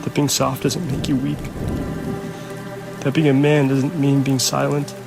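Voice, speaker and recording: A sorrowful young man voiced by an actor mourns in an animated short film. His voice is gravelly and low-key, heavy with regret. A music score plays clearly under him. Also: measured pace. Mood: grieving.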